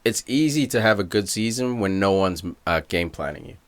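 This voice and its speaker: Deep-voiced man arguing soccer banter. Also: expressive, no room sound. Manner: emphatic, argumentative, quick to agree or push back. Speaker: podcast co-host. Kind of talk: casual sports chat.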